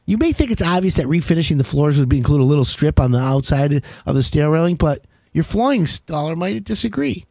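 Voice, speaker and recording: A man hosting a live call-in show, his voice on the higher side and swinging widely as he gets worked up. He rambles and jokes in an excitable, casual way. The sound is dry and close. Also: brisk, gravelly, hardly any pauses, dry recording. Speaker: radio show host.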